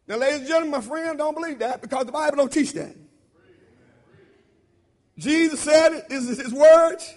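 A man preaching a sermon in an informal, repetitive style, swinging between loud shouted emphasis and low murmured asides. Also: normal speed.

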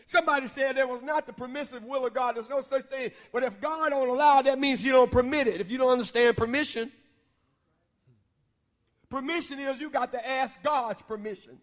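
A man preaching a sermon in a church, using call-and-response and swelling into half-sung shouts. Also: extremely high pitch, fairly quick. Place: church sanctuary. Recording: long church hall reverb.

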